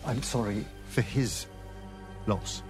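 A man's voice: fairly low pitch, slow pace, music in the background. An actor playing a cornered male employer who apologizes hesitantly, from a drama series. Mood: pleading. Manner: hesitant, pleading. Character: cornered male employer, adult, evasive then pleading.

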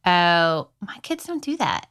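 Brief: woman co-host, smooth clear tone, playful and encouraging. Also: lowish voice, very animated, takes it slowly, a bit bright. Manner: upbeat, teasing, encouraging. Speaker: podcast co-host. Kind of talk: casual chat.

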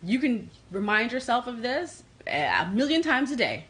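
A woman from New York with a New York accent, hosting a casual tarot livestream and answering comments in a quick, energetic way. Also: on the high side, rough recording. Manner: fast-talking, energetic, reads comments aloud. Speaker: livestream host doing tarot readings.

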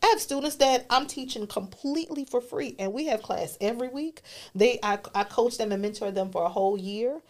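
A woman's voice: fairly high pitch, a little fast. A woman guest on a podcast, telling her story earnestly and emotionally, dropping to a whisper at key moments.

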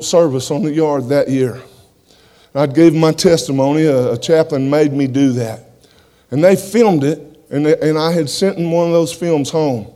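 Man with a mellow, dark voice, giving a plain-spoken, folksy church testimony. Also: fairly high pitch. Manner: plain-spoken, folksy, repeats words as he goes. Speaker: preacher giving his testimony.

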